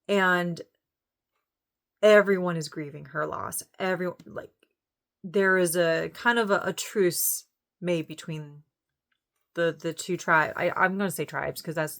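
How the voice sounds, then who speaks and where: A woman giving a casual, emotional spoken review of a TV series, near tears and sighing, talking haltingly with many restarts. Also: fairly low pitch, vocal fry, a bit bright.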